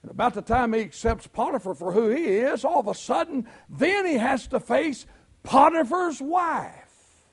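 A middle-aged man with a Southern US accent preaching a sermon, telling folksy stories and swelling into shouts. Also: extremely high pitch, animated, normal speed, gravelly, slightly rough. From Southern United States. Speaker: pastor.

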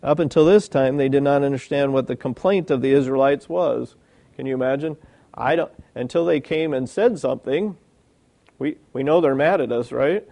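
A man delivering a sermon, moving between reading old commentary and asking his hearers questions. His voice is gravelly and warm, pitched a little high. The sound is dry and close. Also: normal speed, dry recording. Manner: reads old commentary aloud, breaks off to ask the listeners questions. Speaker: preacher.

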